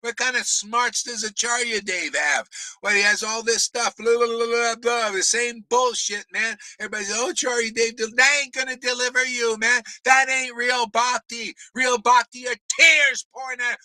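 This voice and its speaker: A man teaching a spiritual class outdoors in a desert, delivering a fiery, profane sermon, scolding listeners, often laughing and shouting. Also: very high-pitched, steady tone, moderate pace, no echo, low-quality recording.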